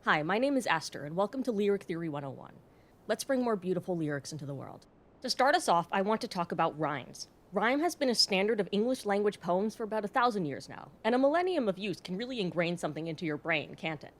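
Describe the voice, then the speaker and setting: A woman reads a scripted educational video in a clear, explanatory voice. Her pitch sits right in the middle, and she drops in wry, joking asides. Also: expressive, quick pace. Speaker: host.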